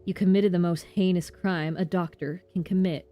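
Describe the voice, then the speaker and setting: Gruff sarcastic old governor w/ a southern drawl, woman putting him on, lowish voice, faint music behind. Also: fairly even intonation, moderate pace, dull audio, lightly acted. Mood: sardonic. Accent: Southern US (put on). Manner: gruff, sardonic. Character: stern older male town governor.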